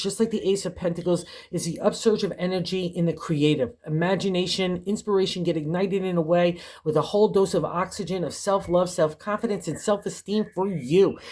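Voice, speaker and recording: A woman's voice: lowish voice, a little mellow. An older woman giving a casual, encouraging tarot reading, chatty and full of conversational fillers. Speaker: tarot reader.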